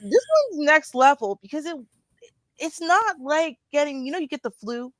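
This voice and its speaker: A woman's voice: sits high, expressive, normal speed, a bit bright, dry recording, low-quality recording. Laid-back storytelling woman co-host. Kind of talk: casual chat.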